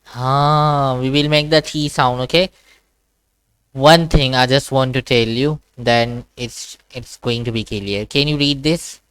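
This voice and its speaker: A man's voice: medium pitch, steady tone, slow, fairly bright tone, clear, resonant tone. A man teaching Quran reading in an online one-to-one class over a video call, patiently repeating sounds and checking understanding.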